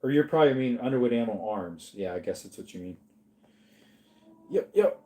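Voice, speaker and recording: A man's voice: medium pitch, expressive, normal speed, mellow. A tired middle-aged man from Arizona, hosting a casual livestream and answering chat in a drawling, easygoing way. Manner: drawling and tired, slips into joke voices. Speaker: livestream host reading chat.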